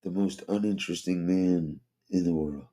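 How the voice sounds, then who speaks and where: A hoarse man chatting casually and profanely to his live-stream viewers, rambling from topic to topic. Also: sits low, fairly even intonation, normal speed, warm tone, rough recording. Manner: profane, rambling and laid-back. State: hoarse, strained voice. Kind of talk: casual livestream chat.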